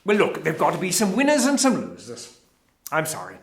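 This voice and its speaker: An actor with an Australian accent playing a showy, evasive middle-aged crusade leader in a theatre monologue, chatting straight to the audience. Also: male voice, on the high side, huge pitch swings, fairly quick. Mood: showy, chatty. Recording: roomy, echoey.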